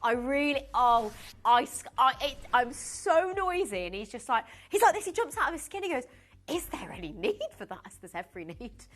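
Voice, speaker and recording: A woman's voice: high voice, very animated, moderate pace, a bit bright. A woman presenting live on a TV shopping channel, chatty, giggly and easily flustered, talking straight to viewers. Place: TV studio.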